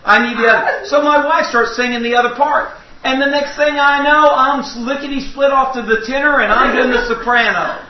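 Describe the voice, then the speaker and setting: High-voiced preacher in an echoey church. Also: male voice, fairly even intonation, a little fast, hardly any pauses, a little hiss or hum. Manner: folksy storytelling with audience asides. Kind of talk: sermon. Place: church sanctuary. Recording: roomy, distant, muffled church recording.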